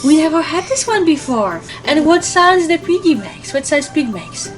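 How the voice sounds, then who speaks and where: A young mother talks to her child at home in a fairly high, lively voice. She teaches casually and keeps asking simple, encouraging questions. Music plays clearly in the background. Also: moderate pace.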